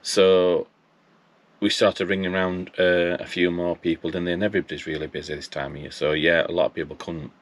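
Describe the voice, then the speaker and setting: A man's voice: deep voice, flat delivery, fairly quick. A man, casually telling a story and acting out his phone calls in quoted dialogue. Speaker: vlogger.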